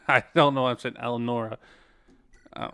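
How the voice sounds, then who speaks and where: A man's voice: medium pitch, fairly even intonation, moderate pace, creaky, a bit bright, a little hiss or hum. A man streaming a game and reading its dialogue aloud, joking about the story and doing voices for the characters. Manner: playful, reads dialogue in put-on voices and comments between lines.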